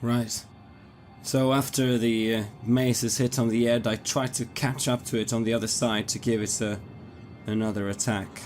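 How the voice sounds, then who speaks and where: A man's voice: mid-range voice, flat delivery, moderate pace, a little mellow, faint music behind. A man playing a tabletop game, talking hesitantly and thinking aloud as he plans his moves. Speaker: player.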